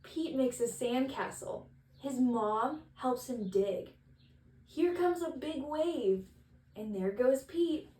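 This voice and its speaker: A woman's voice: high voice, animated, takes it slowly, warm tone. A woman reading a children's picture book aloud in different practice voices, hesitant and self-conscious. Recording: echoey room with faint ambient noise.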